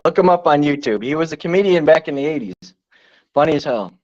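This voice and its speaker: A man's voice: a little high, lively intonation, fast talker, darkish tone, dull audio. A man in his forties chatting on a casual podcast, telling stories in a laid-back way and swearing casually. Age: 40s.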